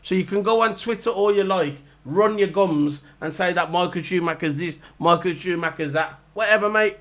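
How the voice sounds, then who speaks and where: Casting note: man, high voice, heated mocking vlog rant full of repetition. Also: normal speed, a bit bright. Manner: heated, repetitive, mocking, hammers points over and over. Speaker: vlogger reviewing races. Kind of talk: ranting casual monologue to camera.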